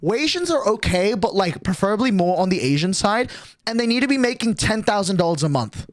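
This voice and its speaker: A man's voice: sits high, sing-song, brisk, dry recording, studio quality. A man quoting a picky, self-assured young woman, listing her demands in a matter-of-fact, dismissive way.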